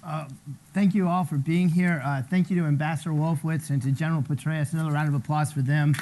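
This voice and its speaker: A man speaking on a panel, giving formal thanks in a polite, slightly halting way. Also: fairly high pitch, steady tone, a little mellow. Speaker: panel speaker, nonprofit co-founder.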